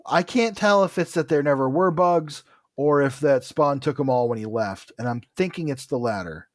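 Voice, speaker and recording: A man's voice: mid-range voice, normal speed, no room sound, clean studio sound. A man co-hosting a casual comic book podcast, retelling scenes and reading the characters' dialogue aloud. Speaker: podcast co-host. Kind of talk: casual chat.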